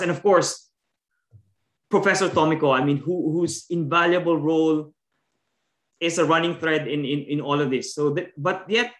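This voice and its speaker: A man from the Philippines, giving an academic talk as a discussant over a video call, measured and full of fillers and restarts. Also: a little high, fairly bright tone. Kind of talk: academic lecture. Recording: roomy, echoey video-call audio.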